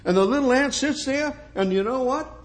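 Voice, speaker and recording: A man preaching a sermon, reading scripture slowly and pressing his points with emphatic rhetorical questions that swing from soft to exclamatory. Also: very high-pitched. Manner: reads scripture slowly and deliberately. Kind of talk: expository sermon.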